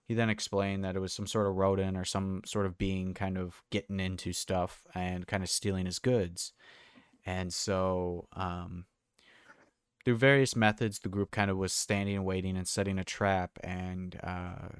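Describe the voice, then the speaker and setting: Low flat-voiced guy running a tabletop game, lots of ums and uhs, clean dry sound. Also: clear, resonant tone, no echo. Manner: halting, many fillers. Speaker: game master.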